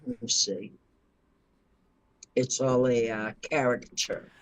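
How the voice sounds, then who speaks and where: A woman's voice: rumbling low, no room sound. A woman co-hosting a casual chat podcast, crude and cutting in her remarks. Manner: slow, drawn-out, crude and cutting. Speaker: podcast co-host.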